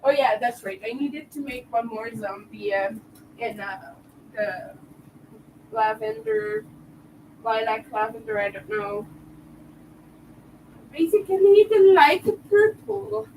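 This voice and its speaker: Slow-talking giggly woman streamer. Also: mid-range voice, steady tone, slight background noise, low-quality recording. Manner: giggly, laughs often and hard; rambling, restarts and fillers. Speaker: crochet livestreamer. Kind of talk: casual live-stream chat with viewers.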